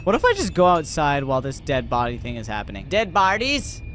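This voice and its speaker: A man's voice: medium pitch, sing-song, quick pace, a little hiss or hum. A man doing let's-play commentary as a gaming YouTuber, joking and teasing the game's characters.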